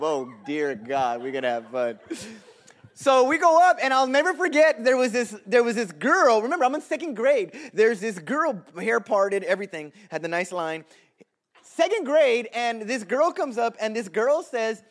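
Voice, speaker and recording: A man preaching a sermon full of storytelling, swinging between shouts and hushed asides. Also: sits high, sing-song, normal speed. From Southern California.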